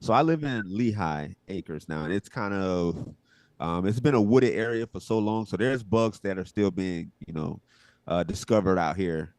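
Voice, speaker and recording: Low-voiced florida guy, dry close sound, rambling chill storyteller. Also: moderate pace, no echo. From Southwest Florida. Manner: relaxed, rambling, acts out quotes. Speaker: guest, social media comedian. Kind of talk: casual interview chat.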